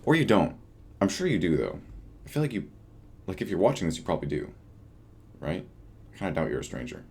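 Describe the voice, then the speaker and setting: A young man with a very low, deep voice chats through a late-night video diary. He sounds tired and rambles, often trailing off with a shrug in his voice. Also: big pitch swings, a little fast, vocal fry, a little mellow, breathy edge. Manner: rambling, self-deprecating, trails off. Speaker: vlogger.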